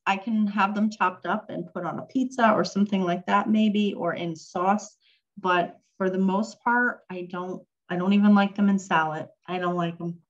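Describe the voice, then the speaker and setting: A woman's voice: medium pitch, steady tone, normal speed, muffled recording. A woman teaching a casual online language lesson, chatty and full of ums, reading and answering questions from a chat. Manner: chatty, reads chat aloud, frequent ums. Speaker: Hebrew teacher.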